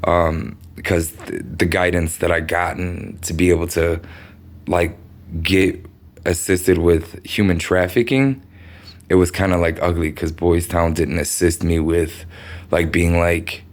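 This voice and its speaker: A man's voice: low voice, fairly even intonation, moderate pace. A man from the United States talking through a meandering personal monologue, swearing often and leaning on fillers. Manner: meandering, profane, many fillers.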